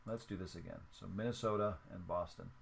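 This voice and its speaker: Guy running a card break stream, chatty and loose, keeps saying sorry and counting out loud. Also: low-pitched, brisk, creaky, slight background noise. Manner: chatty, apologetic self-corrections, counts aloud. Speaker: sports card break host. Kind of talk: casual livestream chat.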